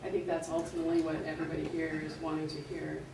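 Woman, low and gravelly, direct questioner, distant echoey room with noise. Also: completely flat delivery, quick pace. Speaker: resident speaking at public comment. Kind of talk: public comment at a school board meeting. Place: large meeting room.

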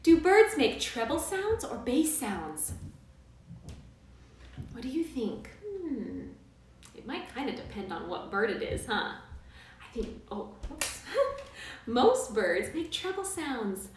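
A woman teaching a live online music class for small children, speaking in a bright, coaxing, sing-song way. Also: fairly high pitch, a little hiss or hum. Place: indoors at home during quarantine. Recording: very echoey room, mic at a distance.

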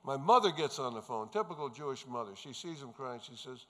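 A man's voice: medium pitch, expressive, fairly quick, few pauses, sharp tone. Earnest man speaking in a big hall. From New York. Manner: earnest, emphatic, storytelling. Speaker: conference speaker. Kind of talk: testimony speech to pastors. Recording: reverberant hall sound.

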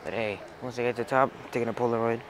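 Very fast and medium-pitched, a young man gives excited, breathless narration as he climbs a long rock staircase outside for a casual travel vlog. He's struck by the view, and the recording is full of crowd and outdoor noise.

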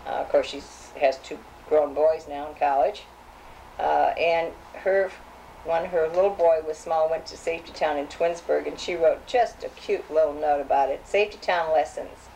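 A woman's voice: low voice, steady tone, moderate pace, vocal fry, mellow, slight background noise, rough recording. An older woman reminiscing as she reads old clippings aloud, chatty and hesitant, with frequent restarts. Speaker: safety program founder.

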